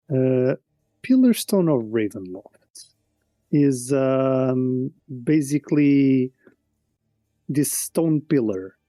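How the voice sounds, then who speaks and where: A man narrating as game master, talking casually with frequent pauses and restarts. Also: medium pitch, no echo. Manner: relaxed, with frequent ums and restarts.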